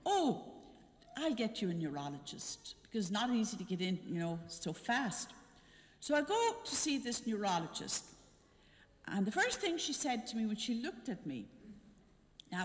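An older nun telling a personal story to a congregation, acting out the dialogue as she goes. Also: mid-range voice. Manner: animated, acts out dialogue in her story. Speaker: visiting nun giving a mission talk. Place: church. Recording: church hall reverb.

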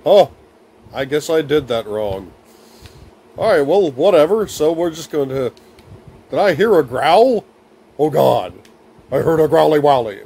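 Man, young adult, gravelly husky voice, goofy baby-talk game commentary, fairly high pitch. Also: very animated, unhurried, pauses often, warm tone. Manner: goofy baby talk and rhyming nonsense words. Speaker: gaming video host. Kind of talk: silly comedic let's-play commentary.

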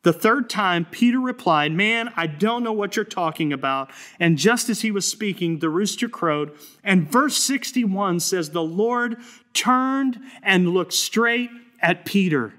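Earnest high-voiced male pastor preaching. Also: fairly bright tone. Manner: storytelling, earnest and conversational. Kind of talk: sermon.

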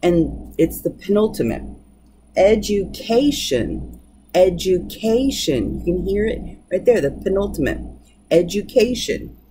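A woman teaching English pronunciation, saying each example word twice, slowly and deliberately. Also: on the low side, expressive, warm tone, slight background noise, low-quality recording. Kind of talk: pronunciation lesson.

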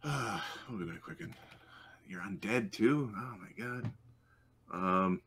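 A man running a tabletop game as game master, unhurried and thinking aloud with many fillers. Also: on the low side, animated, fairly bright tone, slight background noise.

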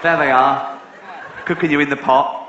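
An English male stand-up comedian telling blunt, profane stories, rising to incredulous shouts. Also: on the high side, fairly even intonation, moderate pace, heavy background noise. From England. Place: live theatre stage. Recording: echoey dull live hall recording with crowd.

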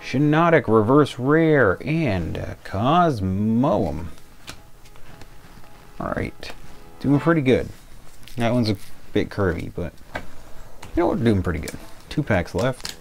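A man's voice: mid-range voice, big pitch swings, takes it slowly, vocal fry, pauses often, soft background music. A young man casually opening trading card packs, reading out the cards and grumbling in mock outrage when the packs come up short. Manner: exasperated, muttering card names, mock outrage. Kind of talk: casual pack-opening commentary.

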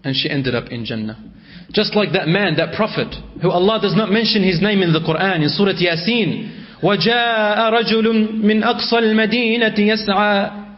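High-voiced dramatic male preacher. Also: lively intonation, moderate pace, highs cut off. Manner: dramatic, swinging from raised to hushed delivery. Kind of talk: sermon storytelling.

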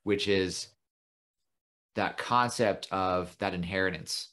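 A man's voice: deep voice, takes it slowly, a bit bright. A man hosting a podcast, chatting casually and praising his guest with enthusiasm. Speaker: podcast host. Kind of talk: casual interview talk.

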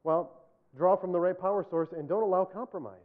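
Man, pastor, sermon, high voice, earnest, repeats points for emphasis, self-deprecating humor, tinny phone-like sound. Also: a little fast.

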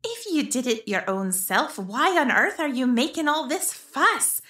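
A woman's voice: high-pitched, very animated, unhurried, pushed and bright, pitched above the performer's own voice, heavily acted. A woman voicing a stern adult fairy who growls and scolds with exasperation. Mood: exasperated.

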